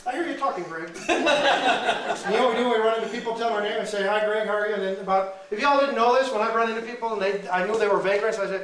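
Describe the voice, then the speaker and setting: A male comedian doing crowd work, teasing audience members with animated banter at a live show. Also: high voice, fast talker. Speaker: stand-up comedian. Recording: echoey room, mic far, loud crowd.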